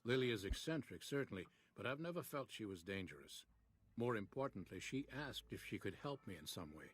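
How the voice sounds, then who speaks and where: An actor playing a calm, precise male scientist in video game dialogue, measured and matter-of-fact. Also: on the low side. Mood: clinical. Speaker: game character, doctor.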